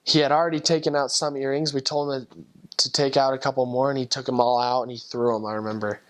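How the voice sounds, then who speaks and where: Man, mid-pitched, earnest and halting, retelling a missionary testimony. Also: little pitch movement. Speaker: former missionary. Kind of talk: personal faith testimony story.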